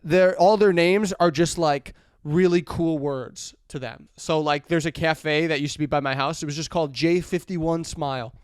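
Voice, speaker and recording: A man co-hosting a comedy podcast, talking haltingly with lots of fillers and restarts. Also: fairly high pitch, clear, resonant tone, dry recording. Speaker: podcast co-host. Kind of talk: casual comedy podcast banter.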